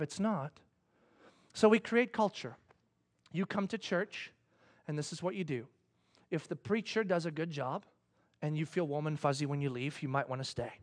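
A man preaching with a high, light voice, telling a story with lively, acted-out voices before sinking into quiet, intense exhortation. He sounds like a pastor working his congregation. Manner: animated, acts out voices, drops to hushed intensity. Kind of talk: storytelling sermon.

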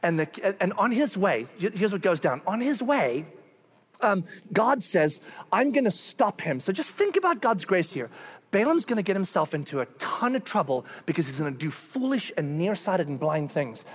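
A man preaching a sermon, telling a scripture story in a conversational, animated way and asking the listeners questions. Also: high-pitched, moderate pace, slightly rough. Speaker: pastor.

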